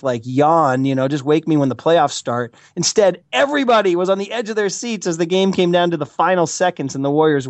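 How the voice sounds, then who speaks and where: An American man, a regular pundit, talking sports in a casual, animated way with playful mock emotion. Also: fairly high pitch, dry recording. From United States. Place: California, Bay Area.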